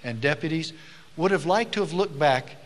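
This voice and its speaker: A man's voice: fairly high pitch, animated, normal speed. Emphatic man speaking in a reverberant hall. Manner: emphatic, swells to loud rallying stresses; storytelling, acts out the people he quotes. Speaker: former sheriff giving a speech. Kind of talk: public speech to a live audience.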